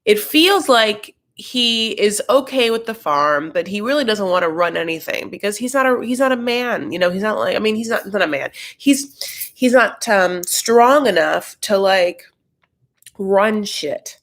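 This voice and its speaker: A man's voice: high voice, expressive, a little slow, a bit bright. A man hosting a reality TV reaction show, recapping in a sassy, gossipy, campy way. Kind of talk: casual TV recap commentary.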